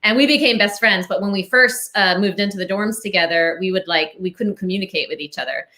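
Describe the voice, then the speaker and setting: A woman's voice: mid-range voice, fairly quick, bright, forceful tone. A woman from Rhode Island with a slight Southern American accent, hosting a casual live-stream interview, chatty and giggly as she talks to her audience. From Rhode Island, USA. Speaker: podcast host.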